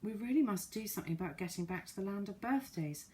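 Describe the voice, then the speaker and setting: A woman's voice: mid-range voice, expressive, quick pace, dark tone, close to an everyday voice. An earnest, sensible storybook boy, as read by a woman. His lines come in a lightly raised, eager voice.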